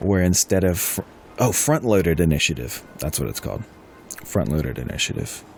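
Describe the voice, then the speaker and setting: A man's voice: low voice, sing-song, moderate pace, gravelly, a little hiss or hum. A man running a tabletop wargame session, explaining rules casually and chuckling often. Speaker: game master. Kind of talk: casual tabletop game talk.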